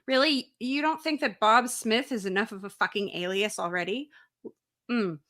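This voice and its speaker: Young woman co-host, bright voice, blunt and sweary in casual chat. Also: medium pitch, moderate pace. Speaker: podcast co-host.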